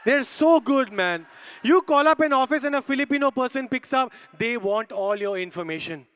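A man doing an animated stand-up comedy set on a live stage, hyping the crowd and acting out little scenes. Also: extremely high pitch, fairly quick, clear, resonant tone.

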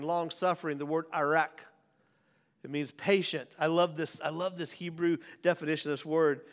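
High-voiced preacher in a reverberant hall. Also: male voice, fairly even intonation, moderate pace. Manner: swings from raised preaching to hushed near-whispers. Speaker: pastor. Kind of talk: sermon. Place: church sanctuary.

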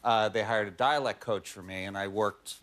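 A man's voice: on the low side, moderate pace. A man in his forties, a guest actor telling a self-mocking anecdote on a talk show. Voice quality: animated, self-mocking storytelling.

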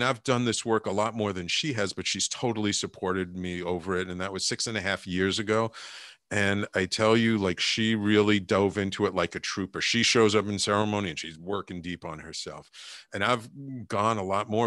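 A middle-aged man talks through a personal story at an easy conversational pace. His voice lifts sharply whenever he acts out what someone said. The sound is close and dry. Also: no echo. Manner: animated, acts out quotes with rising pitch. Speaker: podcast guest, healer and coach. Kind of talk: casual storytelling.

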